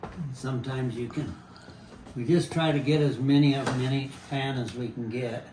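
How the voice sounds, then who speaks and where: Older man calmly explaining kitchen prep. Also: mid-range voice, very noisy. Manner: plain, unhurried explaining, often restarts sentences. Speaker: home gardener showing pumpkin prep. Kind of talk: casual demonstration chat.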